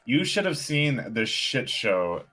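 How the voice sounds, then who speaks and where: A man in casual chat, telling a story in an animated way, restarting often and swearing. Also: medium pitch, slow pace. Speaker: tabletop game player.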